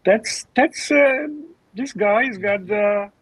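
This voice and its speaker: A man's voice: high voice, slow, a bit bright, no echo, rough recording. A man co-hosting a casual livestream, earnest, often repeating his phrases. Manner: repeats himself, earnest and musing. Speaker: livestream co-host.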